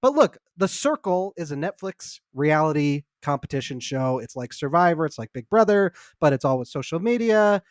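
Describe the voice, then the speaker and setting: A man co-hosting a casual sports podcast, teasing and laughing easily in relaxed banter. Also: fairly high pitch, moderate pace, hardly any pauses, no room sound, studio quality. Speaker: podcast co-host. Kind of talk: casual chat.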